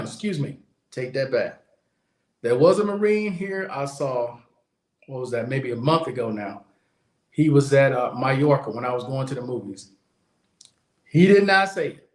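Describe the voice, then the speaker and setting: A man hosting a podcast, speaking bluntly in a casual monologue and repeating his points for emphasis. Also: a little high. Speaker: podcast host. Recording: echoey room.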